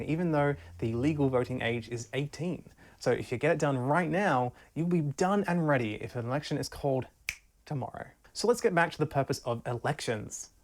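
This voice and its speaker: A speaker narrating a scripted civics explainer with playful jokey asides. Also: female voice, very deep voice, darkish tone.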